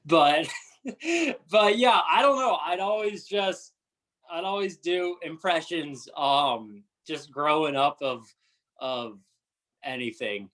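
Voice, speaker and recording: A man's voice: on the high side, expressive, slow pace, a bit bright. A young man, a country singer, chatting casually as an interview guest, hesitant and full of fillers and restarts.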